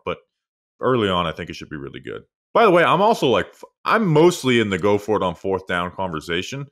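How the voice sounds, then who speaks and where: A man's voice: lowish voice, very animated, normal speed, a bit bright. A man co-hosting a sports podcast, casually sharing opinions that trail off mid-thought. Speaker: podcast co-host.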